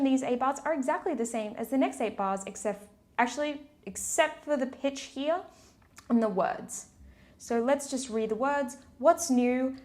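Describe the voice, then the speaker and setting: A woman with a slight accent giving a patient, encouraging singing lesson, counting beats aloud as she teaches. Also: a little high. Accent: non-native English accent. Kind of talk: step-by-step vocal tutorial. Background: piano chords.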